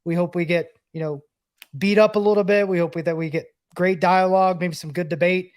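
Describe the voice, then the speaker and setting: High-voiced earnest man on a podcast. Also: steady tone, brisk, a little mellow. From Southeastern US. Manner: earnest, enthusiastic. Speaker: podcast co-host, former baseball player. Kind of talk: casual podcast chat.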